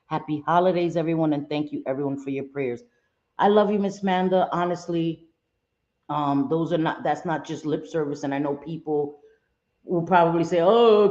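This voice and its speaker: A woman's voice: low voice, mellow, roomy sound, lo-fi sound. A middle-aged woman hosting a casual live stream, chatting expressively and greeting viewers by name. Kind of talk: casual live chat reading viewer comments.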